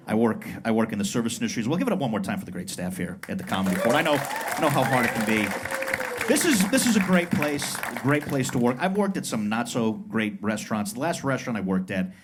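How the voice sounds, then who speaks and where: A man's voice: medium pitch, big pitch swings, fairly quick, some chatter behind, a little hiss or hum. A man in his thirties from Colorado performing a self-mocking stand-up set in a comedy club, acting out brash tough-guy voices. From Pueblo, Colorado. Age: 30s.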